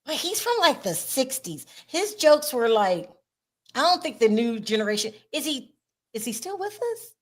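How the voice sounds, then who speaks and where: A woman's voice: on the high side, normal speed. Chatty, laughing woman host. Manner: laughs often, chatty and expressive. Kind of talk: casual livestream chat.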